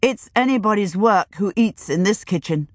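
A woman's voice: medium pitch, lively intonation, normal speed, no room sound, studio quality, voice pushed up, lightly acted. A woman reading as a fierce, proud farm woman. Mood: fierce, earnest. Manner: sharp and demanding.

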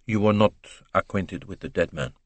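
A shrewd older detective who questions slowly and deliberately, leaning on each word, as a male reader voices him. The voice sits low, in a dry, close recording. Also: dry recording. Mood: needling.

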